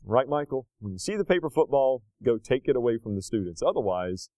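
A man in his thirties preaching a sermon, rising to loud, slow emphatic lines and dropping to quiet, casual asides. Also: big pitch swings, no echo. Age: 30s. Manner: swings between loud emphatic peaks and low conversational asides; slows down hard on key phrases.

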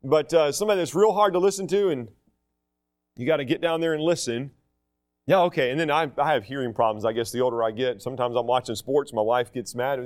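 Lively, animated middle-aged man preaching. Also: on the high side, fast talker. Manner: conversational and self-deprecating with humor. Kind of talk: sermon.

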